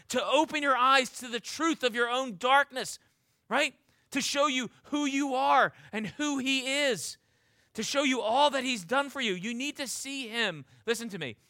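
A man preaches a passionate sermon in a very high, pushed and bright voice, pressing listeners with repeated rhetorical questions and stumbling into quick restarts. The recording is studio quality with no echo.

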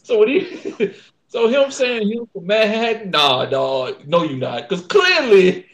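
A man's voice: sits high, very animated, measured pace, fairly bright tone. A man hosting a podcast, telling stories in loose, joking casual chat with lots of laughter. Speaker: podcast host.

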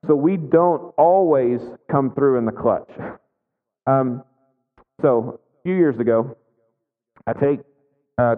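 A man in his thirties preaching a sermon in a relaxed, conversational way, often checking in with "right?" as he tells a family story. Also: medium pitch. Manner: conversational, frequent "right?" asides. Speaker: pastor. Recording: phone-like audio with long hall reverb.

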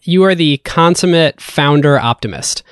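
A man as a podcast guest, talking in a measured, analytical way with frequent fillers. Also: fairly high pitch, smooth, no room sound, studio quality. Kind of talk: casual podcast discussion.

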